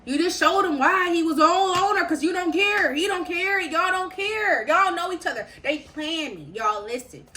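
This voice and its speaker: A young woman telling a story to her viewers in casual slang, animated and repeating phrases for emphasis. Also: very high voice, normal speed, few pauses. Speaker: storytime vlogger.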